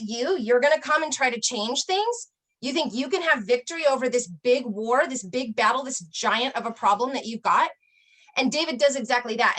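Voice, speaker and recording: A woman's voice: sits high, fairly bright tone. A middle-aged woman, a health coach, giving a motivational talk and telling a story earnestly, with emphatic repetition.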